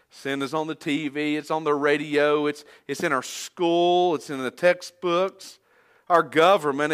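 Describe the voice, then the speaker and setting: Male preacher, sermon delivery, high voice, unhurried, emphatic and repetitive. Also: a bit bright. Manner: earnest, emphatic repetition, occasional restarts.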